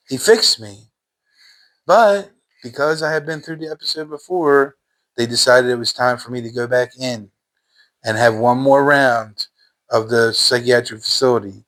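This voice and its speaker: A man's voice: medium pitch, fairly even intonation, moderate pace, fairly bright tone. A man telling his personal faith testimony in a fervent, emphatic way, repeating phrases in casual everyday speech.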